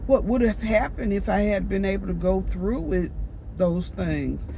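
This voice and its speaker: A woman giving a personal spiritual testimony, talking in a halting way and repeating phrases as she goes. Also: mid-range voice, gravelly, dark tone, a little hiss or hum. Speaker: vlogger.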